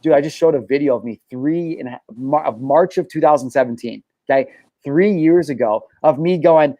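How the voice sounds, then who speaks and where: A man's voice: on the high side, a little fast, warm tone, dry recording, low-quality recording. A man hosting a podcast, talking candidly and emphatically, swearing often and restarting his sentences. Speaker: show host.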